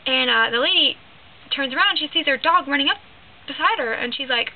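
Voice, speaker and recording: A woman's voice: sits high, brisk. A teenage girl vlogger telling a long joke to the camera in a rambling way, full of "like" and "um". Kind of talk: casual storytelling to camera. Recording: lo-fi phone-like sound with faint hiss.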